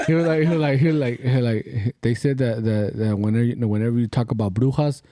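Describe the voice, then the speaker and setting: Brisk and mellow, a middle-aged man's mid-range voice carries his podcast's ghost stories. He rambles casually, swears, uses slang, and sprinkles in Spanish phrases.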